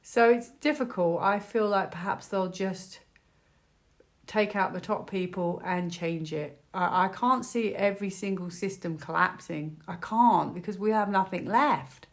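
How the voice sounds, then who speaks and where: A woman's voice: mid-range voice, unhurried. A British woman giving a casual tarot reading to camera, rambling and chatty with lots of fillers. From United Kingdom. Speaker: tarot reader.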